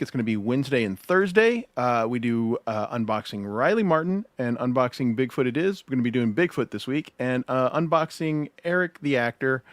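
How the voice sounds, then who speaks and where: Lively, laughing man on a livestream. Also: mid-range voice, no room sound. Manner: laughs often, swears, many filler "uh"s. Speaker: guest host reading viewer donations. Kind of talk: casual livestream chat.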